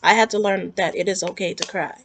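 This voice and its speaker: A woman's voice: mid-range voice, fairly even intonation, a little fast, slight background noise. A woman talking earnestly and emotionally in a rambling, heartfelt vlog about her own grief. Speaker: vlogger. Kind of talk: personal talk to camera about grief.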